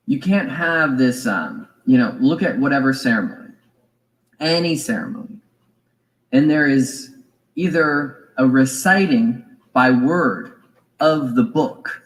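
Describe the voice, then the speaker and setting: A man giving a reflective spiritual lecture, musing and deliberate, with fillers and small asides. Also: mid-range voice, poor audio. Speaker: spiritual teacher.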